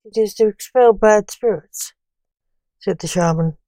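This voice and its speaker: A woman reading a story aloud in an even, unhurried way, with little change of voice between characters. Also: medium pitch, dry recording. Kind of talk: read-aloud story narration.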